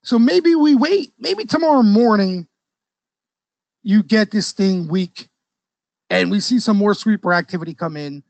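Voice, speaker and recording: A man's voice: high-pitched, lively intonation, a little slow, creaky, pauses often, a little mellow, no echo, rough recording. A man hosting a casual trading session for a live audience, talking loosely with trader slang and often checking in with "okay?". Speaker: stock trading educator and host.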